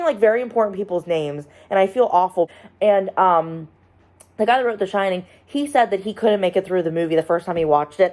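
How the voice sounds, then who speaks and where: A young woman vlogging in casual chat, rambling with many fillers and getting animated when she retells scary scenes. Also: lowish voice. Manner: rambling, lots of "like" and "um".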